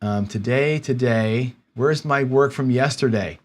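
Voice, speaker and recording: Male live-stream host, mid-pitched, casual, muttering and exasperated at his desk. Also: a little slow. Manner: frustrated, muttering to himself while searching. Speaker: livestream host.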